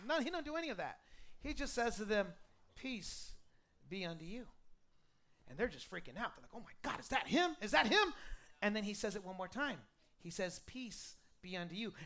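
A pastor preaching a sermon to a congregation, animated, calling for responses and often restarting phrases with repeated words. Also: medium pitch. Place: church service before a congregation.

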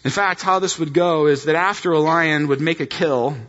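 A man preaching a sermon, animated and emphatic, speaking directly to his congregation. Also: fairly high pitch, moderate pace, long reverb tail, dull audio. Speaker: pastor.

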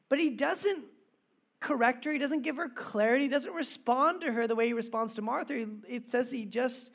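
A woman's voice: high-pitched, normal speed, creaky. Conversational woman preacher telling a story. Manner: conversational, animated storytelling with asides. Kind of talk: sermon.

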